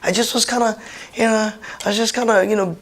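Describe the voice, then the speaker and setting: A man quoting an apologetic older female teacher in a soft, hesitant tone. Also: high-pitched, fairly even intonation, quick pace.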